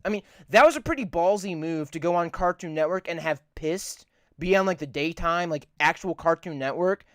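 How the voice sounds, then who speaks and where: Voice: mid-range voice, moderate pace, no echo, studio quality. A podcast co-host in casual chat, rambling and swearing a lot, repeating points for emphasis.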